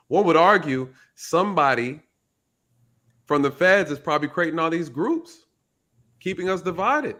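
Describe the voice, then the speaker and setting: A man's voice: fairly high pitch, expressive, measured pace, pauses often, bright, forceful tone. A man who is a retired police officer, hosting a casual commentary show, emphatic and repeating his key points.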